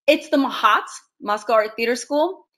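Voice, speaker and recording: Brief: a lively actress as an interview guest, somewhat high voice, relating stories with laughs. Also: female voice, moderate pace. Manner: animated storyteller, laughs often. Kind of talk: casual interview conversation.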